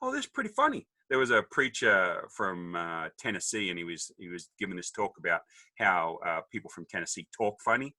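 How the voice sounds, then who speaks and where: A middle-aged Australian man, a podcast guest, telling stories in a jokey, animated way and acting out the voices of people he quotes. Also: sits low, normal speed, no echo. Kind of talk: casual storytelling.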